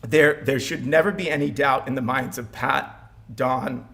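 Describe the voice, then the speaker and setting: A man's voice: mid-range voice, steady tone, measured pace, creaky, bright, forceful tone. A man giving a eulogy at a funeral home as the son-in-law, speaking with wry humor and some stumbles.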